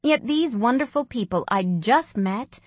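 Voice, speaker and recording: A woman narrating a first-person audiobook in a soft, reflective way. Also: on the high side, animated, measured pace, dry recording.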